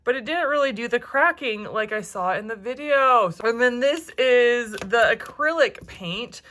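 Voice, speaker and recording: This adult woman with a son makes jewelry and vlogs, first chatting casually about her crafting, then praying earnestly over her viewers. She's talkative, often saying um and correcting herself. Her slightly high, somewhat bright voice has lively intonation and a moderate pace, with slight background noise.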